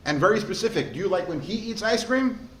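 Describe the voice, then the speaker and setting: A man, a rabbi, giving a lively class, quizzing students and telling stories in an animated way. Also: sits high, fairly quick. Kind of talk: lively lecture with questions to students. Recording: echoey room, faint background noise.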